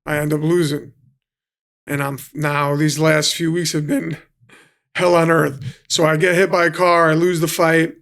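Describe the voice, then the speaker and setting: NY man, gravelly and a bit high-pitched, casual guest storyteller who swears a lot. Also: little pitch movement, measured pace, fairly bright tone. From New York City. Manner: swears freely, acts out quotes. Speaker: guest, professional fighter.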